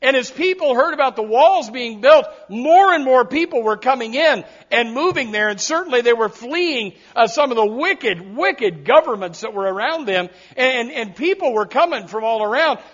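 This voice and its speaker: A man's voice: extremely high pitch, animated, normal speed, few pauses, fairly bright tone. A man preaching a sermon as pastor, emphatic and repetitive, with frequent direct asides to his congregation. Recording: dull lo-fi sermon recording.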